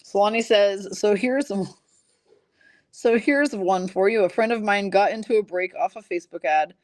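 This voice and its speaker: Hosting a live card break stream, a woman calls out cards and reads the chat in a chatty, self-mocking way, often dissolving into giggles. Her voice is medium-pitched and darkish, at a moderate pace, with no echo.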